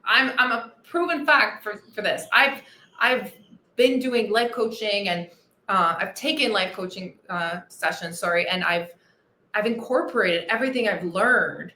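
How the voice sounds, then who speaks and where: A woman's voice: mid-range voice, a little slow, pushed and bright, echoey room. A woman weight-loss coach hosting a motivational podcast monologue, enthusiastic and earnest, repeating her key phrases.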